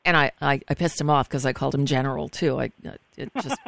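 A woman's voice: very deep voice, steady tone, fast talker, creaky, a bit bright, no room sound. A woman guest hosting a radio talk show, chatting frankly and casually, often restarting her sentences.

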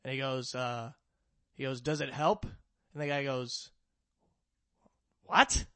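A man's voice: mid-range voice, flat delivery, measured pace, dry recording. A man in casual chat, telling a rambling joke and laughing often at himself.

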